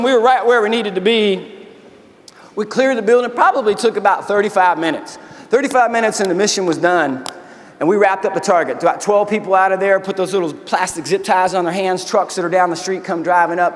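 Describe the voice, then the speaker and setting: A man with a high voice tells his story to a large audience and acts out the lines he quotes. His voice rings with long reverb in a big convention hall. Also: a little hiss or hum. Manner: animated storytelling, acts out quotes, addresses crowd as y'all. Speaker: keynote speaker, army veteran. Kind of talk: keynote storytelling.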